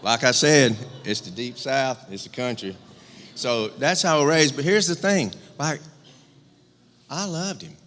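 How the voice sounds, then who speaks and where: With lively intonation, a medium-pitched, slightly bright voice speaks a little slowly over a faint hiss or hum. The speaker, a middle-aged younger brother from rural Georgia, delivers a eulogy for his older brother in a church sanctuary, joking candidly and restarting often amid many fillers, recorded with long reverb.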